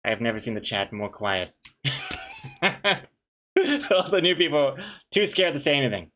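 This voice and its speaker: A man's voice: mid-range voice, sing-song, measured pace, sharp tone. A man, a webcomic artist, chatting casually on a live stream, reading chat aloud with dry, joking banter and rambling restarts.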